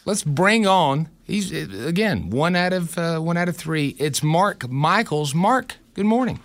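A man hosts a radio morning show, trading jokes and jabs with his co-hosts and guests. His voice sits a little high for a man and swings widely as he talks. The banter is loose and playful. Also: sing-song, a little hiss or hum. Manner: joking, teasing, quick to jab.

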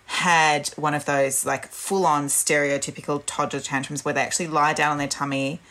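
Woman, 30s, low gentle voice, calm explainer on a parenting chat. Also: moderate pace. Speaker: parenting podcast guest. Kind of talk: casual chat.

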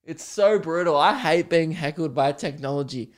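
Young aussie bloke ranting on his podcast, swearing heaps, cracking up, voice a bit on the high side. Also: normal speed. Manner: profane, ranting, bursts of laughter. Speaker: podcast host. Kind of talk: solo podcast rant.

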